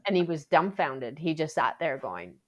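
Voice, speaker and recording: Her voice low and her speed normal, a woman from Canada who competes in the Paralympics recounts her journey in a relaxed podcast chat. She brings the story to life by performing quotes, with lots of restarts along the way.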